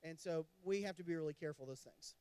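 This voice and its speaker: A man who counsels couples adds his points to a church marriage class, telling animated stories with mock exasperation. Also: on the high side, fast talker, clean tone, dry recording.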